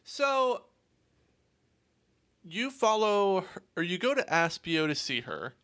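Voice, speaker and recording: A man's voice: high voice, big pitch swings, takes it slowly, bright, forceful tone, clear, resonant tone. A man co-hosting a casual podcast, talking through a game with chatty fillers. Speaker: podcast co-host.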